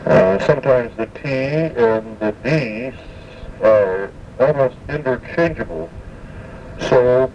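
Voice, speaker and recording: A man teaching pronunciation, speaking haltingly with frequent pauses. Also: mid-range voice, darkish tone. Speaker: language instructor. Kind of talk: explaining pronunciation. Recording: muffled, distant, faint background hum.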